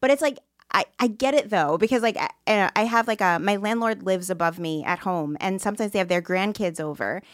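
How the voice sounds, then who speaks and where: A woman's voice: medium pitch, a little fast, no room sound, studio quality. A woman hosting a casual podcast, talking hesitantly with many fillers. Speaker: podcast host.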